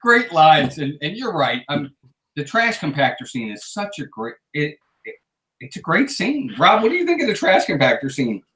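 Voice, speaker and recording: A man hosting a casual movie review chat, animated and laughing often as he acts out movie quotes. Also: fairly high pitch, normal speed. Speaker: podcast host. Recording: echoey room.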